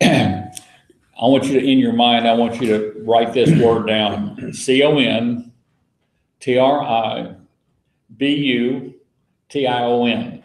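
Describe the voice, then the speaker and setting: A man leading a small-group Bible study, telling stories in a relaxed, folksy way and spelling words out letter by letter. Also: mid-range voice, slow, pauses often, roomy sound, rough recording. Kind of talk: casual teaching talk to a small group.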